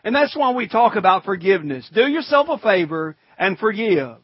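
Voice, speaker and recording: A man preaching a sermon with a high voice, talking plainly to his congregation and calling out to them between scripture readings. The sound is dry and close, and the recording is dull and lo-fi. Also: very animated, normal speed, slightly rough, dry recording. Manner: conversational preaching, calls to the congregation; reads scripture in old-fashioned wording. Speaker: pastor.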